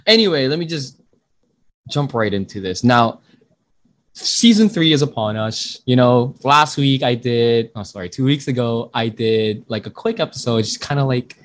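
A man's voice: mid-range voice, expressive, normal speed. A young man hosts a loose, casual podcast with a voice that swings up and down a lot. He rambles, apologizes, and cracks jokes at his own expense, with plenty of swearing. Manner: rambling, self-deprecating, swears freely. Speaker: podcast host.

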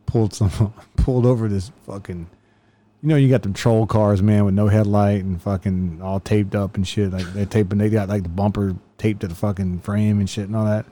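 A man's voice: lowish voice, moderate pace. A man telling police stories in casual chat, swearing constantly and laughing often. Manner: profane, laughing often, animated when quoting. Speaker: law enforcement officer telling stories.

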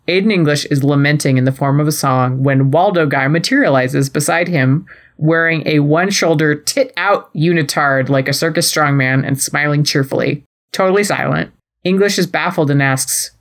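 A young adult woman co-hosting a casual recap podcast, animated and slipping into playful voices for quotes. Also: deep voice, moderate pace. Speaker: podcast co-host.

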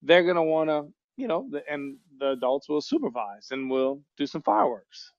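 A man's voice: on the high side, expressive, moderate pace, dry recording, lo-fi sound. Rambling man from Louisiana, dry sound. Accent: faint Louisiana. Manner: rambling, restarts and self-corrections. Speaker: podcast co-host. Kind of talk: casual chat.

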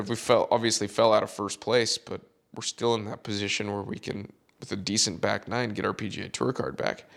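In a podcast chat, a caddie tells a story with a lowish voice, acting out the quoted lines in a lively, animated way.

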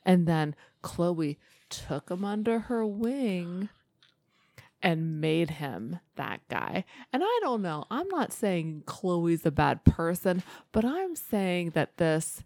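Very low-voiced emphatic woman. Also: very animated, takes it slowly, gravelly, darkish tone, dry recording. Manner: emphatic and profane. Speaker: podcast co-host. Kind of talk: casual chat.

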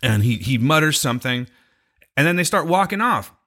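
A man's voice: a little high, brisk. A man co-hosting a podcast, telling a long story in casual chat, acting out the people he quotes, swearing and laughing. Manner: animated, acts out quoted voices, swears, laughs. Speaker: podcast co-host.

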